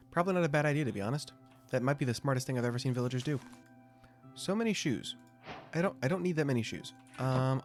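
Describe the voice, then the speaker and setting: A young adult man giving casual gameplay commentary, thinking aloud with self-mocking asides. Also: mid-range voice. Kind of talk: casual let's-play commentary.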